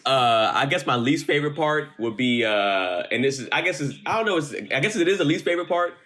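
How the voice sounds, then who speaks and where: A man's voice: medium pitch, lively intonation, brisk, a bit bright. A young man on a podcast telling casual, blunt work stories in a laid-back way, swearing freely. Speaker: podcast co-host. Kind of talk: casual storytelling chat.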